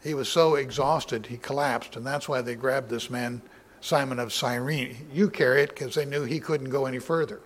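A man's voice: medium pitch, fairly even intonation, moderate pace. Man teaching scripture, frequent fillers. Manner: reads scripture aloud with raised emphasis, then explains casually with fillers. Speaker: Bible teacher. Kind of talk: Bible study sermon.

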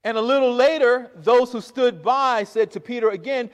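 A man with a high, bright voice preaching a sermon, reading scripture and acting out its lines with animated asides and laughs. Long reverb from the hall trails each phrase. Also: moderate pace, few pauses, clean tone.

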